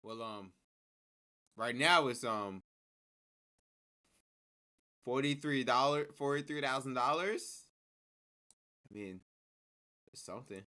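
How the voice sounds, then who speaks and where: A man reacting to a video for his chat, excitable and full of slang, jumping between loud outbursts and mumbled asides. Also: medium pitch, slow, long pauses. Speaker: reaction streamer. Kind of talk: casual reaction commentary to chat.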